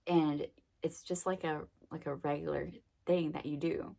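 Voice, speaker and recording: Low-voiced woman chatting casually. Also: steady tone, measured pace, vocal fry, dark tone. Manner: chatty, rambling, lots of fillers and acted-out quotes. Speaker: self-help vlogger. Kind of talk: casual monologue.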